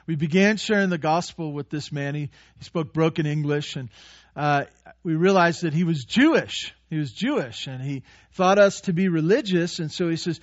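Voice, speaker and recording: A man preaching a sermon as a pastor, telling stories and growing animated when he quotes. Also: fairly high pitch, normal speed, dry recording. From United States. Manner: storytelling, animated when quoting. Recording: dull lo-fi dry sound.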